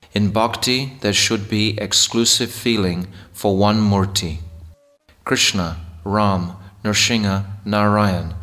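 A man narrating a devotional book aloud in a slow, measured, deliberate reading style. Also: lowish voice, bright, forceful tone. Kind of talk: scripted audiobook narration.

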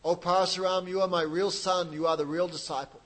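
A man's voice: high-pitched, little pitch movement, fairly quick, fairly bright tone. Guy doing an old sage dad, solemn and a bit raised, praising his son. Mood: approving. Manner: commanding, then approving. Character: stern old male sage and father.

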